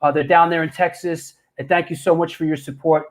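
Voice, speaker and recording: A man hosting a casual livestream, with a slightly raised pitch. He speaks in a laid-back way, mostly in short interjections, and reads out sponsor shout-outs. The sound comes through a video call. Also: steady tone, a little fast. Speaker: host.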